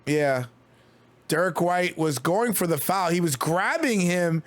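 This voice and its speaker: This is a man's energetic basketball play-by-play on a stream, full of rapid calls and loud exclamations. The recording has no room sound, and his high voice is going hoarse as he loses it.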